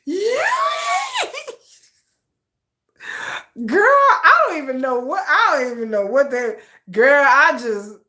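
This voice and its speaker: Bubbly, high-pitched, animated woman vlogger. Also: moderate pace, hardly any pauses. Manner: animated, laughing, acting out fangirl reactions. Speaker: K-pop channel host. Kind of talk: excitable casual chat with live chat readers.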